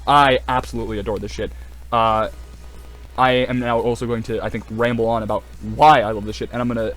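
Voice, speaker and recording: A young man rambling excitedly in casual video commentary, swearing a lot and full of fillers. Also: mid-range voice, fast talker, soft background music. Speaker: video creator.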